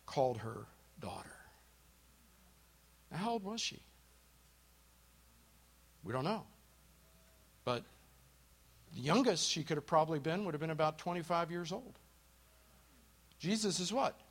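High-voiced man teaching a Bible group. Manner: asks the group questions and thanks responders; storytelling, drops to a hush for dramatic moments. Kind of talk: interactive Bible study teaching. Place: live group gathering.

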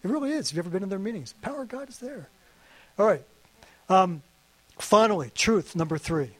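A man with a high voice preaching to his congregation. He is earnest and conversational, and he slips in playful asides as he goes. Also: lively intonation, brisk, fairly bright tone. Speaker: pastor. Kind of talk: sermon. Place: church service.

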